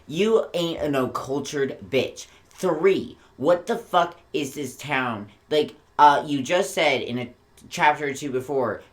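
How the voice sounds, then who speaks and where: A man's voice: medium pitch, a bit bright. A man co-hosting a casual book read-through podcast, ranting with lots of swearing and mocking put-on quotes. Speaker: podcast co-host.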